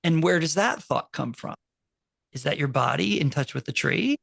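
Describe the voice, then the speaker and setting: Man, animated storyteller, casual chat, quick asides and restarts, dry close recording. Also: a little high, vocal fry, dry recording. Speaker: university professor and podcast co-host. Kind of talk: casual conversation.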